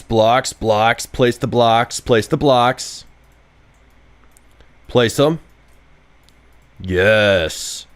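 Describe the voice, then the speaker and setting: A young man live-streaming while he builds games, chatting casually in a brash, profane, excitable way and answering viewer questions. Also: mid-range voice. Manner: reads viewer chat questions aloud and answers. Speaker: game developer streaming live. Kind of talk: casual livestream chat while coding.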